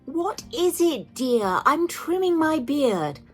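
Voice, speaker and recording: Woman doing a shrill, cheery dwarf wife. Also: big pitch swings, faint music behind, exaggerated voice. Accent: put-on Scottish. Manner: shrill, drawn-out, sing-song.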